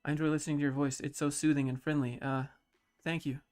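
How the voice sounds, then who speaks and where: A man in his thirties on a casual livestream, reading chat questions aloud and answering them in a low-key, mellow way. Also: flat delivery, fast, faint music behind. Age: 30s.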